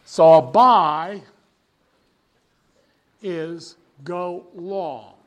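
Slow, emphatic man teaching a class. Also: sits high. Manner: emphatic, drills terms, asks students to repeat. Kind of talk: classroom lecture.

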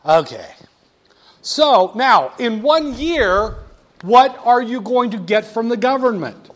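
A man's voice: very high-pitched, sing-song, takes it slowly. A man lecturing a class, playful and teasing, talking straight to the students.

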